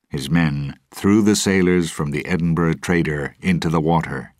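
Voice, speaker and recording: A man reading an adventure story aloud in slow, expressive storybook narration. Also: very deep voice, no room sound.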